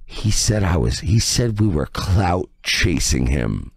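A man's voice: low-pitched, big pitch swings, slow, vocal fry, husky, no room sound. A drunk man on his stream, whining in an aggrieved tone about being wronged. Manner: whiny, aggrieved, slurring. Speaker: streamer in clip.

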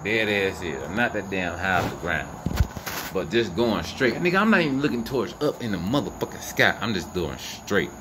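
A man narrates from outdoors at night, filming on his phone and talking straight to his viewers. His pitch leaps up and down as he exclaims, swears and questions. Loud crickets, insects and passing cars fill the background. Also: moderate pace. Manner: animated, profane, incredulous, talks to viewers. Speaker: vlogger filming the night sky. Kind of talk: excited live commentary. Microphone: phone camera. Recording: noisy outdoor phone recording. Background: crickets and insects, passing vehicles.

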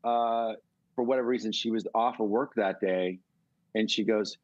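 A middle-aged man from California, telling a long, animated story as a guest in a casual interview. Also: fairly low pitch, normal speed, dry recording, dull audio. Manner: rambling, animated storytelling with swearing. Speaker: guest musician.

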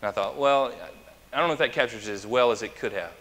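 A man's voice: mid-range voice, quick pace, a bit bright. A male pastor preaching a conversational sermon, chatty and anecdotal, who asks the congregation questions. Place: church sanctuary. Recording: long church reverb.

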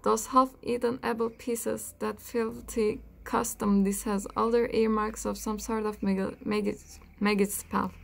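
A woman's voice: a little high, level tone, unhurried, gravelly, hardly any pauses, exaggerated voice. A woman voicing the shrewd, commanding male leader of a band of giants.

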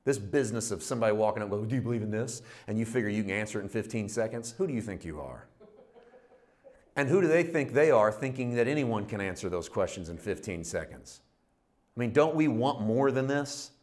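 A man's voice: lively intonation, fairly quick. Emphatic man preaching with big swings. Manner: swings between loud emphatic bursts and low quiet asides; folksy, conversational preaching with rhetorical questions. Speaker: Bible teacher. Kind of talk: sermon.

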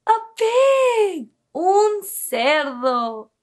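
A woman who is a bilingual speech therapist, teaching toddlers slowly in a sing-song, exaggerated way and making animal sounds. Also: very high voice, very animated. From United States. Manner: sing-song, exaggerated, switches between English and Spanish.

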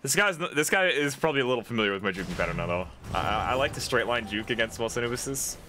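A man streaming a video game, giving chatty, excitable commentary and swearing freely as he plays. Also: mid-range voice, fast talker, slight background noise. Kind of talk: casual gameplay commentary.

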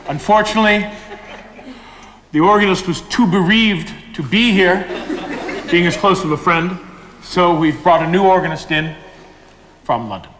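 A man's voice: high-pitched, moderate pace, pauses often, reverberant, big-room sound. A man doing improvised stage comedy, giving a mock-solemn, preacher-like funeral address. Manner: mock-solemn minister's delivery, breaks into laughter. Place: theatre stage before a live audience. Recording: loud audience laughter and music.

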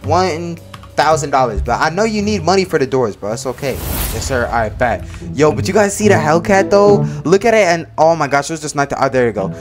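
Excitable teen boy gamer, lively pitch. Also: fairly quick, music in the background. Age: teens. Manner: loud, excitable, slangy banter. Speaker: Roblox voice-chat streamer. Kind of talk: casual gaming voice chat.

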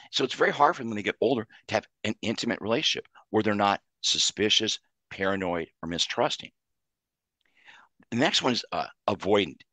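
Earnest therapist type, deep-ish voice, dry studio sound, walks through ideas in lists. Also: male voice, a bit bright, no room sound. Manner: earnest, explains in numbered lists. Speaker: psychologist and author. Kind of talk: interview answers.

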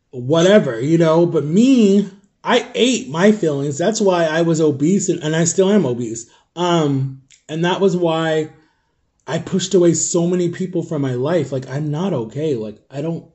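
Congested man, slightly high voice, halting confessional vlog from home. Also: darkish tone. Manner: rambling, halting, searching for words. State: congested, stuffy nose. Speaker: vlogger. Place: at home, eating on camera.

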